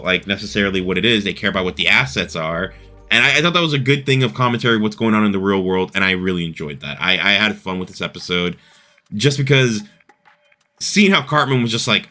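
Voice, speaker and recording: A man with a fairly low but bright, forward voice talks through an episode recap in loose, unscripted chat. He rambles and leans on fillers as he goes. Faint music plays underneath. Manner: rambling, many fillers, laughs at own retelling. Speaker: show host reviewing a cartoon episode. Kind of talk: casual recap and review.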